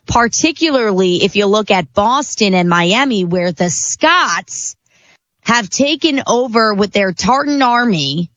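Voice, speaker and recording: A woman's voice: medium pitch, lively intonation, unhurried, a bit bright, no echo, lo-fi sound. A woman reporting as a national correspondent on a radio show, playful and teasing with the host. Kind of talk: radio segment chat.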